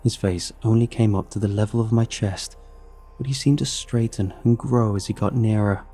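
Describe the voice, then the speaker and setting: Deep-voiced man narrating horror. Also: fairly even intonation, moderate pace, mellow, soft background music.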